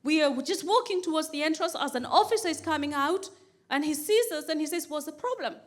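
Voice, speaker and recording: A woman comedian on a stage mic, with a high, bright voice. She tells her stories with animated energy and repeats phrases for comic build-up. Her quoted pleas are acted out. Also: brisk. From Kenya. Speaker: stand-up comedian. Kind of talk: stand-up storytelling.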